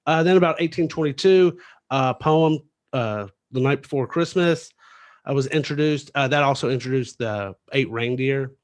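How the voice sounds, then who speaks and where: A man's voice: mid-range voice, moderate pace. A man co-hosting a podcast in casual chat, rambling with lots of fillers and laughing easily. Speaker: podcast co-host.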